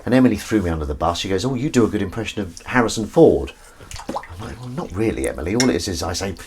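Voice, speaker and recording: A man's voice: fairly low pitch, lively intonation, fast, darkish tone, slight background noise. A man hosting a casual live stream from his kitchen sink, rambling and chatting with his viewers. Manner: rambling, chatty, reads out and answers chat. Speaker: livestream host.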